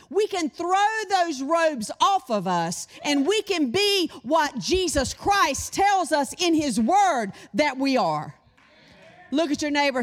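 A middle-aged woman delivers a sermon to a congregation, talking slowly and deliberately. Her fairly high voice swings widely as she poses questions and invites responses. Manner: animated, addresses the congregation with questions and call-and-response. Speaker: women's Bible study teacher.

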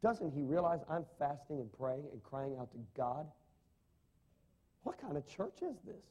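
A male preacher delivering a sermon, his voice mellow and a touch higher than most men's. He swings between loud emphatic bursts and softer dropped lines, often asking the congregation questions. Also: big pitch swings, a little slow. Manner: dramatic, rising and falling emphasis, asks the congregation questions. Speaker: pastor.

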